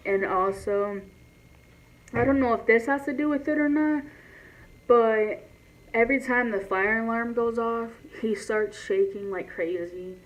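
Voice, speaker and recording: A woman vlogging in a casual, rambling way, speaking loudly and filling her talk with "like" and restarts. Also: medium pitch. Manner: talks loud. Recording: dull lo-fi sound with faint hiss.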